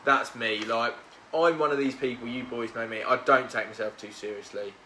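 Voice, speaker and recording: A man's voice: mid-range voice, fairly even intonation, normal speed, sharp tone, echoey room, slight background noise. A man hosting a podcast, chatting casually with his mates and telling self-deprecating stories. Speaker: podcast host.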